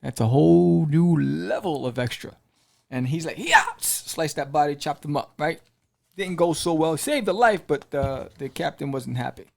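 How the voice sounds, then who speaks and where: A man hosting a casual podcast, retelling a comic's story in a playful, animated way and acting out the characters' lines. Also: fairly high pitch, normal speed, creaky. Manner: playful, jokes with the listener. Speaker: podcast host reviewing comics. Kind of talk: casual chat.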